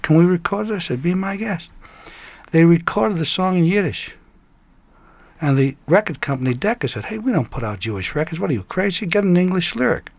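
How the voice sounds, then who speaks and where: An older man, a guest songwriter, telling a story in an animated way and breaking into snatches of song. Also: high-pitched, a little fast, creaky, dry recording. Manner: lively raconteur who breaks into snatches of song and laughs.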